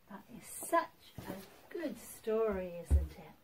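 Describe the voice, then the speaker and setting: A woman leading a church toddler group, reading a picture book aloud in an animated, sing-song way. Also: medium pitch, slow pace, few pauses, rough recording. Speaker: children's group leader.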